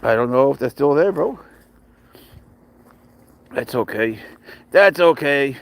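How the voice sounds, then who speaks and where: A man chatting casually on a live stream, swearing freely, laughing often and slipping into soft baby talk with his pet. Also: medium pitch, animated, slow pace, creaky, long pauses, poor audio.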